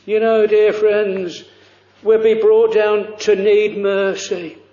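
High-voiced man preaching, slow and halting. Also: flat delivery, mellow, echoey room, lo-fi sound. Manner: earnest, halting, many fillers, archaic phrasing. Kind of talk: sermon.

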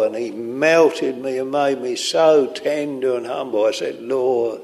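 An older man preaching a sermon, telling stories in a slow, earnest way and drawing out quoted lines. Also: mid-range voice, a little mellow. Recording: long hall reverb.

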